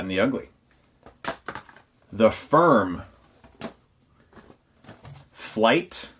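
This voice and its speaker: Wry man with a lively, unhurried delivery. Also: on the low side, a little hiss or hum. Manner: wry, sarcastic asides. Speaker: film reviewer showing his collection. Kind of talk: casual on-camera listing with quips.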